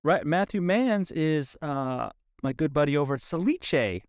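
A man co-hosting a podcast, reading sponsor ads and slipping deadpan absurd jokes into the copy. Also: a little high, a little slow, no echo. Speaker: podcast co-host. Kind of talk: joking sponsor ad read.

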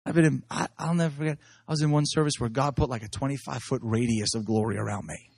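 A man preaching, telling excited stories from his services and often laughing as he talks. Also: medium pitch, fast, vocal fry, breathy edge, dry recording, clean studio sound. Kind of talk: animated sermon storytelling.

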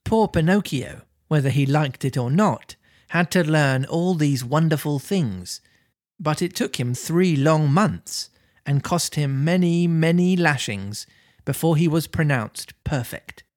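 A podcast host reading a children's classic aloud with expressive, lively delivery. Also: mid-range voice, unhurried, no room sound, studio quality. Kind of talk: storybook reading with banter.

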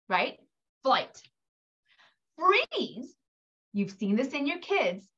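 A woman's voice: high voice, slow, dull audio. A woman giving a coaching talk to mothers, addressing listeners directly and animatedly acting out quoted parents and kids. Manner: animated, acts out quoted voices.

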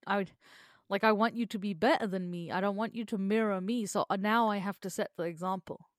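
A woman's voice: mid-range voice, steady tone, a little fast, dry recording, clean studio sound. A young woman and mother co-hosting a podcast in casual chat, reacting readily, laughing easily and swearing casually. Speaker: podcast co-host.

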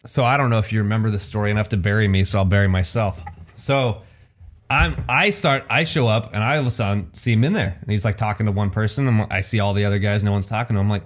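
A man's voice: fairly low pitch, fast. A man telling a self-mocking story in casual chat, swearing and laughing at himself.

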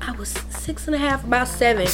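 A woman telling a childhood story in a casual, animated chat, laughing and acting out voices. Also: high-pitched, fast, music in the background. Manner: animated, dramatic, laughs while telling stories.

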